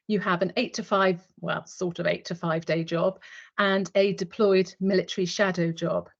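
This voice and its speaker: A woman's voice: on the low side, fairly even intonation, moderate pace. Woman in her fifties, lo-fi webinar. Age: 50s. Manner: vivid second-person storytelling. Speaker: guest speaker, retired military nurse. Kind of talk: storytelling webinar talk. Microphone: video call. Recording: dull lo-fi online call audio.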